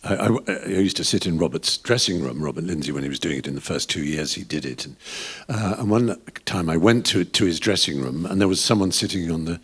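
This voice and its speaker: Low-pitched and slightly rough, this man talks animatedly and a little fast. He is an English guest in his sixties on a live pub podcast with an audience present, and his rambling stories are full of restarts and laughter.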